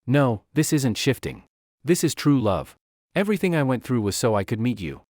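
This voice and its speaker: An obsessive young vampire woman speaks in a storybook recap, played by a male narrator in a dry close recording. She is clingy and devoted one moment, cold and possessive the next, and her declarations come out intense and lively. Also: medium pitch, moderate pace, dry recording, close to an everyday voice.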